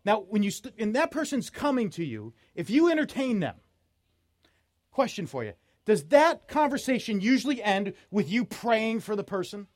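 Preacher guy, kinda high voice that jumps all over, animated and jokey. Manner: animated, teasing, acts out quotes in raised voice. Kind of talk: sermon.

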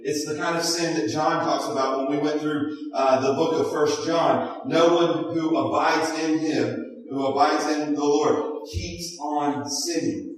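A man preaching a sermon as pastor, earnest, often repeating a word as he starts a phrase. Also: on the high side. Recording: echoey hall from far off.

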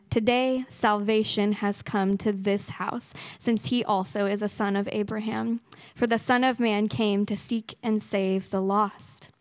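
A woman reading a Bible passage aloud to a church congregation in a steady, deliberate way. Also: mid-range voice, dry recording. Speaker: scripture reader.

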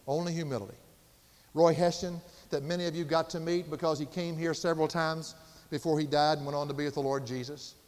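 A man preaching a sermon, earnest, slowing down and building for emphasis. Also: fairly high pitch, darkish tone. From Southern United States. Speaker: pastor. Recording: reverberant church hall.

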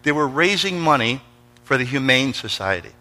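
Middle-aged pastor preaching hard in church, super bright forceful voice, keeps calling out to the crowd. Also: male voice, mid-range voice, moderate pace, slight background noise, low-quality recording. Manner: energetic, calls out to the congregation for responses. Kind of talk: storytelling sermon. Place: church sanctuary before a congregation.

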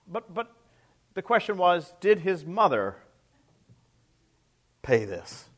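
A middle-aged male pastor preaching a sermon, emphatic, with rhetorical questions and swings between loud and soft. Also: sits high, big pitch swings, slow.

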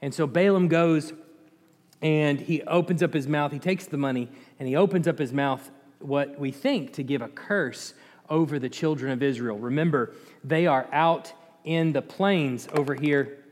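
High voiced guy teaching bible study, animated and chatty, echoey church hall. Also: normal speed. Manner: animated storytelling with laughs and asides to the class.

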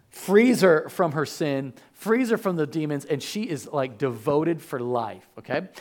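A man preaching a conversational sermon, joking with the congregation and acting out the lines of the people in the story. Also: sits high. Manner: conversational, acts out quotes, jokes with the congregation. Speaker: pastor. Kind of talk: animated sermon.

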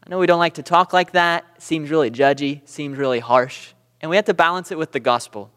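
Guy teaching a bible class, kinda high voice, lots of hall reverb, chatty storyteller. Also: brisk, clear, resonant tone. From Southern California. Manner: conversational, animated storytelling with asides. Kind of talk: church teaching lesson.

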